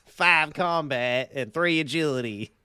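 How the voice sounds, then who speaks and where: A man on a podcast voicing a folksy farmhand, using an exaggerated, deliberately bad Southern accent as he reads card text aloud. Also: on the high side, bright, forceful tone, smooth, no echo, pitched above the performer's own voice. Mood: playful drawl. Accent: exaggerated bad Southern US put-on. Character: folksy male farmhand reading his own stats. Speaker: podcast co-host.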